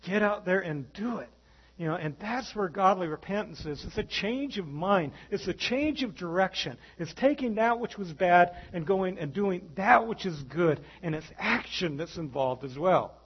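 A man preaching a sermon as pastor, animated, acting out the voices in his stories. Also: high-pitched, moderate pace, husky, lo-fi sound.

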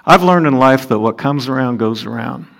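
A man's voice: animated, normal speed, creaky, fairly bright tone. Earnest male preacher asking rhetorical questions. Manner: rises in pitch and volume for emphasis. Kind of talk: sermon, expounding scripture.

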